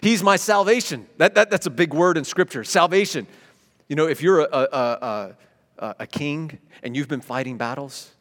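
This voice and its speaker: Man, pastor preaching, slightly high voice, stammers and repeats words, loud then hushed, echoing church hall. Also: moderate pace. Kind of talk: sermon. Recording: long hall reverb.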